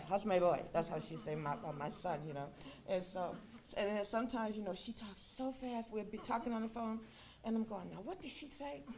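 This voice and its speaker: A woman who is a close friend, giving a chatty, animated eulogy at a funeral service, often checking in with her listeners. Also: on the low side, slight background noise. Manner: chatty, animated, laughing, checks in with "okay?" and "you know". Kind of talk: funeral tribute speech.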